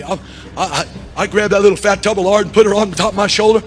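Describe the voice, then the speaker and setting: A middle-aged man preaching a sermon through a long personal story, animated, dropping low and then shouting. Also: fast talker, faint music behind. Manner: animated, shifts from hushed to shouting.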